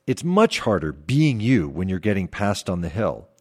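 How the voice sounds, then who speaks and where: Podcast host, man in his 50s: deep, expressive pitch, measured reflective storytelling. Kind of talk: scripted podcast monologue.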